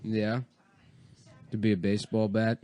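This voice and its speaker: Low-key mumbling man riffing on a podcast. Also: completely flat delivery, a little slow, mellow. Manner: low-key mumbling delivery, drifting into riffs. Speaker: podcast co-host. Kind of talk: casual comedy chat.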